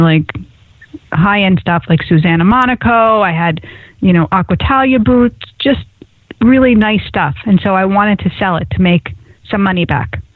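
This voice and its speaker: A woman's voice: on the low side, dry recording. A woman hosting a radio call-in show, telling stories in a chatty way and laughing often. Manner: chatty storyteller, laughs often, animated asides. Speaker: radio show host and psychic medium. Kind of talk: casual radio call-in chat. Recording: tinny phone-like radio audio.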